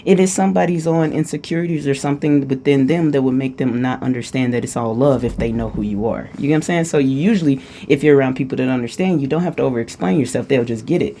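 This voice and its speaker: A woman giving a casual channeled spiritual talk, playful and chatty, who often checks in with her listeners and at times eases into a hushed, calming voice. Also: a bass voice, quick pace, few pauses, slight background noise. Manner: playful, chatty, asks "you get what I'm saying".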